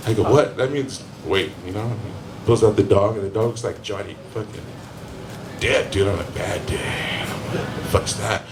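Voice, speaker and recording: Performing stand-up at a live comedy venue, a man with a voice on the low side speaks at normal speed. He rambles through crude stories, doing voices for the characters, while the echoey room carries faint ambience and a noisy background.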